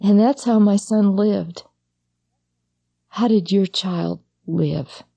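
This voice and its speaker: A middle-aged woman, a psychologist and grieving mother, giving a personal talk on grief, speaking straight to the listener in a halting, intimate way. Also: medium pitch, creaky, mellow, dry recording.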